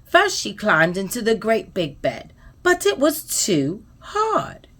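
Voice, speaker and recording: Slow, expressive woman storyteller. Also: medium pitch. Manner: expressive, soothing, trailing into soft whispers at the close. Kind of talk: bedtime story read-aloud.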